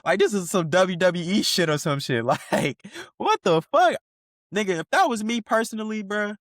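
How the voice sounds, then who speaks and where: Lively profane podcast host, a man. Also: high-pitched, moderate pace, no echo, studio quality. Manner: profane slang-heavy banter, laughs often. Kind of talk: casual commentary.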